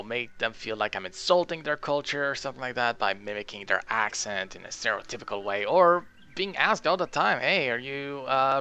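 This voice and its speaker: A man's voice: fairly low pitch, bright, forceful tone, smooth. A young French Canadian man, a native French speaker with a self-made mixed accent, rambling through chatty, digressive gaming commentary with careful enunciation. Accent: self-made mixed accent over a French Canadian base. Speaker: gaming channel host. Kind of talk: rambling let's-play commentary.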